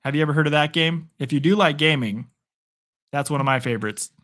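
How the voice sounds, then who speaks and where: A man's voice: fairly high pitch, brisk, fairly bright tone. A man chatting at home with viewers and calling the plays of a game live into a propped-up phone. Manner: chatty, rambling, talks to viewers. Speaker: streamer giving live play-by-play. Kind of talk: casual live play-by-play and chat. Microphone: phone propped on a picture frame.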